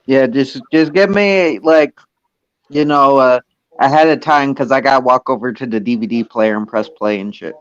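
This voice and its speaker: A man's voice: mid-range voice, normal speed, clear, resonant tone, no room sound, dull audio. A laid-back man chatting casually as a co-host, mostly giving short, agreeing replies. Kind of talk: casual chat.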